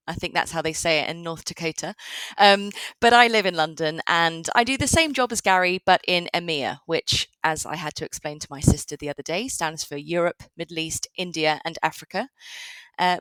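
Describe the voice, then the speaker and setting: A woman's voice: fairly low pitch, a bit bright, no echo, rough recording. A woman from the United States, a security expert guest on a podcast, talking in a jokey, chatty way. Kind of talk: casual podcast chat.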